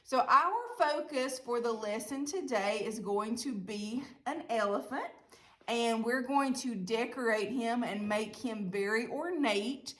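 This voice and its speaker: A woman's voice: a little high, a little slow, fairly bright tone. A woman with a Southern US accent teaching an online art lesson, giving friendly step-by-step directions. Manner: friendly, chatty, step-by-step instructions.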